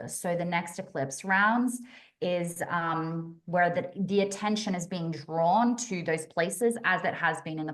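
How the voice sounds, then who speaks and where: A woman with a slightly low voice talks as an astrology guest in a relaxed chat. She thinks aloud as she goes and often stops to correct herself. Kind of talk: casual chat.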